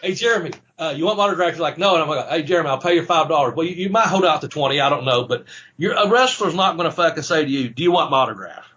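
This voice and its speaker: A man's voice: on the high side, very fast, slight background noise. A man hosting a casual podcast chat, rambling and swearing as he tells stories from wrestling. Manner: rambling, profane, animated storytelling.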